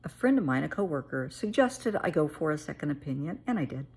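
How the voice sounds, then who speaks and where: A woman's voice: sits low, sing-song, fast talker, creaky, darkish tone, husky. A middle-aged woman therapist telling a personal story and giving earnest, emotional advice. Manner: earnest, emotional, calls listener honey.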